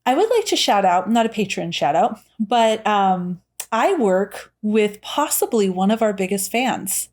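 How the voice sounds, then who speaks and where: A chatty woman co-hosting a podcast in an easygoing, conversational tone. Her voice sits at an ordinary middle pitch, and she laughs often as she talks. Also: lively intonation, measured pace, darkish tone. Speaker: podcast co-host. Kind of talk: casual chat.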